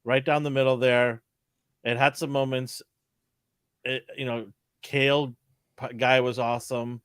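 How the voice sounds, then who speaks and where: An older man hosting a casual pop culture chat, animated and laughing often. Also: medium pitch, a little slow, smooth, no echo, studio quality. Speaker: podcast host.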